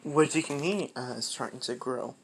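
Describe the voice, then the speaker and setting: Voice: mid-range voice, measured pace, a little hiss or hum, close to an everyday voice, rough recording. A narrator voicing a timid young boy hero. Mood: earnest.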